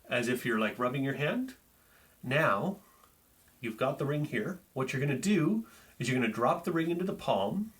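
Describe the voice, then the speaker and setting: A man's voice: medium pitch, a bit bright. A man casually teaching a magic trick, chatty and loose, demonstrating as he talks. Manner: casual, chatty, filler-heavy, demonstrating with hands. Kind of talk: casual tutorial explanation.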